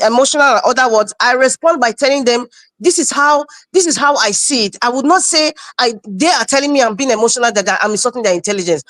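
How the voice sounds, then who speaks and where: Nigerian woman, panelist, slightly high voice, insistent and repetitive, dry close sound. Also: a bit bright, no echo. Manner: insistent, repeats herself, defensive. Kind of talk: heated online panel debate.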